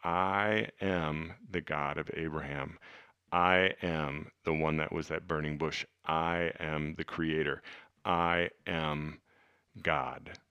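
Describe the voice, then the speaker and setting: A man quoting a solemn figure who declares himself divine, speaking slow, hushed and grave. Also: rumbling low, steady tone, clean tone, dry recording, pitched below the performer's own voice, exaggerated voice.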